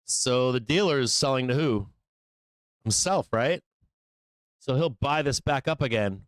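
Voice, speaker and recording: A man's voice: medium pitch, lively intonation, clean tone, dry recording. Profane, casual trading-show host man. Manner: profane, casual, acts out traders in quick asides. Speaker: stock market show host. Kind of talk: live trading explanation.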